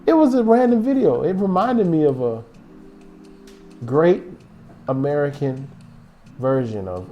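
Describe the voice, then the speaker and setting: Animated man hosting a fan sports vlog. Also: fairly high pitch, a little slow, pauses often, slight background noise. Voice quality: animated, rambling, joking banter. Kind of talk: casual fan commentary.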